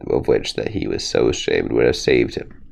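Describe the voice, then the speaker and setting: Very deep gravelly man reading fables. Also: lively intonation, a little mellow. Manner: slow, with frequent slips and restarts. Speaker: storyteller.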